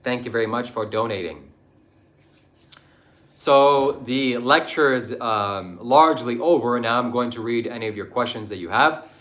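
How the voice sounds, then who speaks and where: A man's voice: medium pitch, normal speed, fairly bright tone. A man talking on his livestream, preachy and combative as he lectures viewers and reads out their comments. He mocks the people who disagree with him. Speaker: livestream host. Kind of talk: livestream talk answering chat.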